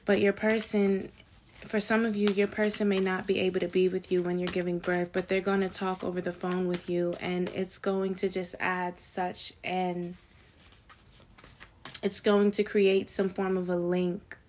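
A woman giving a casual tarot reading to her viewers, chatty and slangy with excited asides. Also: lowish voice, unhurried, a little hiss or hum. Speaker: tarot reader.

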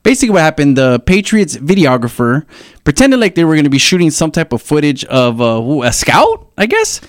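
A man with a high, very lively voice talks sports on a podcast. He swears freely and laughs easily in loose, animated chat. The sound is dry and close. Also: a little fast, no echo. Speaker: podcast co-host.

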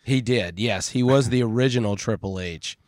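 A man's voice: medium pitch, normal speed, dry recording, studio quality. A man from Minnesota co-hosting a casual tech podcast, jokey and playfully dramatic, with lots of filler words. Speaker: podcast co-host.

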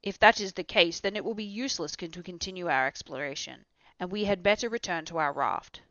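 A woman reading aloud, voicing an excitable elderly male professor who lectures loudly and emphatically. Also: on the low side, brisk, dry recording. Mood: insistent. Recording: dull, dry recording.

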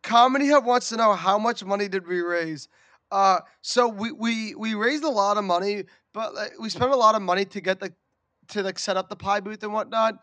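A man with a strikingly high voice chats on his podcast, spinning a loud, foul-mouthed story with lots of energy. His voice sounds close and dry, with no room around it. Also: moderate pace, dry recording. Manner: animated, profane storytelling. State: recovering from a lost voice. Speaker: podcast co-host. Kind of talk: casual chat.

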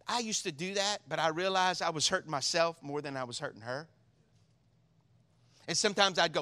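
His voice is a little high and his pace fairly quick as this man preaches a sermon in the role of pastor. He moves from quiet, solemn passages to loud, excited preaching, inviting the congregation to respond.

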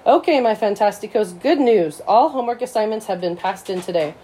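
A woman voicing a cheerful male schoolteacher talking gently with a student. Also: medium pitch, expressive, fairly quick, slight background noise, lightly acted, rough recording. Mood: upbeat.

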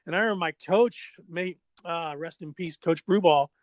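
Middle-aged male guest, animated yarn-spinner who acts out the other voices, slightly high voice, dry close sound. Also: moderate pace, dry recording. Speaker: guest, drummer and former pro skateboarder. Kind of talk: casual storytelling interview.

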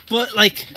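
A man telling a long story in casual chat, rambling with many restarts and casual swearing. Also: heavy background noise.

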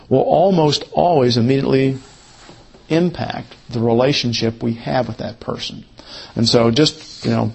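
A man teaching a Bible study lesson, who repeats his key points slowly, as if for note-taking. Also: medium pitch, gravelly, husky.

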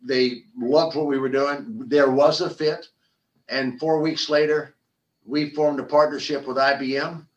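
An older man, a former athlete turned business founder, telling animated stories in an interview with frequent restarts and repeated words. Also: medium pitch, unhurried, distant mic, lo-fi sound. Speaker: podcast guest, former football player and business founder. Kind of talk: conversational interview storytelling.

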